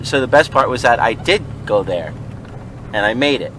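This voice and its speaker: Male reseller vlogger, animated and jokey, car cabin with faint road hum. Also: mid-range voice, normal speed. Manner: joking, laughs often, mimics friends in silly voices. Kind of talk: casual car vlog chat.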